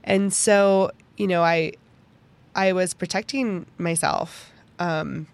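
A young woman hosting a podcast, telling a personal story in an animated, chatty way full of "like" fillers. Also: lowish voice, slow pace, creaky. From Pittsburgh, United States. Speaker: podcast host.

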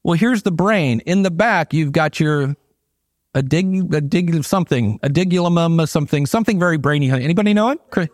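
A man's voice: a little high, normal speed, no echo, studio quality. A man preaching a sermon in a church, telling stories with jokes and acting out quotes. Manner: animated, joking storyteller acting out quotes. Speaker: pastor.

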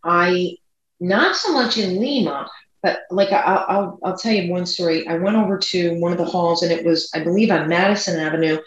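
A woman co-hosting a podcast, telling a personal story in a chatty, rambling way that speeds up and slows down. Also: on the low side. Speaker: podcast co-host. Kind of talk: casual storytelling chat. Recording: echoey room, dull lo-fi sound.

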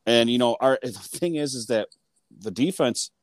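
Excitable New man chatting hockey. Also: mid-range voice, normal speed. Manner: excitable, acts out his own reactions with lots of fillers. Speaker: sports podcast co-host. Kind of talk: casual chat.

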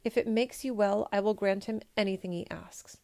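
Woman doing a fretful old storybook emperor, pleading and flustered, slightly gravelly. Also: medium pitch, moderate pace, darkish tone, no room sound, close to an everyday voice. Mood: emphatic. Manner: pleading then flustered outbursts. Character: anxious, excitable old male emperor.

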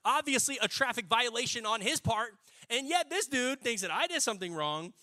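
A young adult man preaching a sermon, folksy and animated, building to emphatic peaks. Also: very high voice, brisk. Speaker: pastor.

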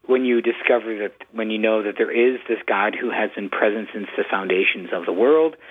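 Brief: low husky male priest, chatty, tinny phone-like radio sound. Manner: conversational, uses "like" often. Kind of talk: casual explanatory talk.

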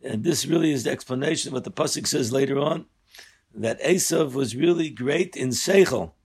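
An older man giving an earnest Torah lesson, rising sharply in pitch and volume when he stresses a point. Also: moderate pace, darkish tone, slightly rough. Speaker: rabbi teaching a Torah class.

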